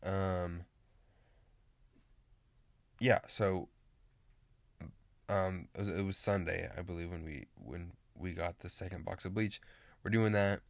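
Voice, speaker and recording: Brief: late-teen guy, lowish voice, loose rambling vlog chat, dry close sound. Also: takes it slowly, gravelly, long pauses, dry recording. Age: late teens. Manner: rambling, full of fillers and restarts. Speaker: vlogger. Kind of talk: casual rambling chat to camera.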